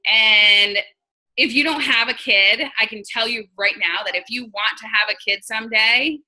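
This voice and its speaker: A woman's voice: medium pitch, bright, forceful tone, poor audio. A woman in her thirties from New York, a sales team leader coaching her team in casual, blunt talk and acting out conversations. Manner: chatty, blunt, acts out quoted dialogue.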